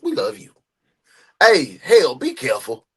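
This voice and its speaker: A man hosting a true crime reaction live stream, reading chat comments aloud with animated, loud asides. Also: high voice, measured pace, creaky, breathy edge.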